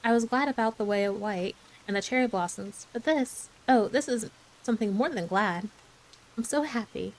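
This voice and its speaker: A woman's voice: on the high side, moderate pace, darkish tone, natural voice, rough recording. A woman doing a breathless, gushing orphan girl. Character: eager, dreamy orphan girl, excitable and talkative. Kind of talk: soft ASMR bedtime story reading.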